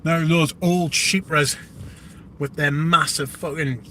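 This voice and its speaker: A man's voice: a little high, fairly even intonation, slow pace, bright, forceful tone, a little hiss or hum. A British man hosting a livestream, chatting casually and rambling with plenty of swearing. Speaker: livestream host. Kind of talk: casual live chat.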